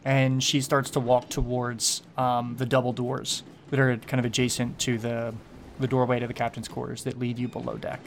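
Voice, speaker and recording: A man runs a tabletop game, describing scenes at an easy, relaxed pace and dropping fillers as he goes. His voice sits at a middle pitch. Faint background noise stays behind him. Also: moderate pace, creaky. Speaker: game master.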